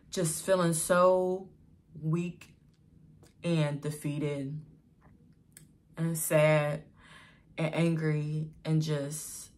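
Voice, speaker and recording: A young adult woman telling her own story in a vlog, emotional and exasperated, talking straight to her viewers. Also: sits low. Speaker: vlogger telling a personal story.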